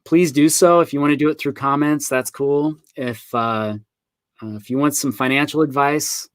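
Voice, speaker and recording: A man's voice: fairly high pitch, fairly even intonation, normal speed, no echo. A man hosting a live online book signing, chatting casually and telling personal stories, acting out what people said. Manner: chatty storyteller, acts out quoted voices. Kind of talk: casual video-call chat.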